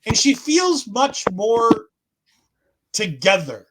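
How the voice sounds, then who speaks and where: A man with a high voice recaps eagerly on a podcast. He tells things like a story and slips into quoting others as he goes. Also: slow, background noise. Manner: animated storytelling, acts out quotes. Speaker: podcast co-host. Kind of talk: casual wrestling recap chat.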